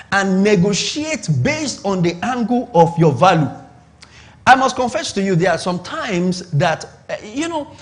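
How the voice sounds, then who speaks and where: A middle-aged Nigerian man preaching a sermon on business, emphatic and repetitive, checking in with his audience. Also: high voice. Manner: emphatic, repeats points and asks the audience to confirm. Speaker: pastor.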